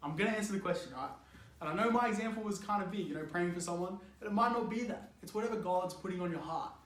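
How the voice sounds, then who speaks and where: Young male youth speaker, casual and animated, high voice, echoey room. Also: quick pace. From Australia. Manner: animated, chatty, laughs often, lots of "like". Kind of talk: youth sermon, casual storytelling.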